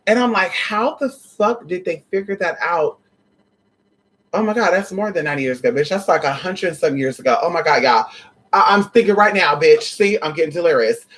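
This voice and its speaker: A spiritual vlogger talking casually and excitedly to viewers, swearing often and rambling with many restarts. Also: medium pitch, low-quality recording. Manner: profane, excitable, addresses viewers as y'all and honey.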